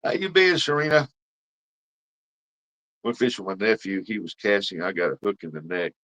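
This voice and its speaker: Folksy man with a bright voice. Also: on the low side, sing-song, normal speed, poor audio. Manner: folksy rambling storyteller. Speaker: livestream host. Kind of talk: casual chat with viewers.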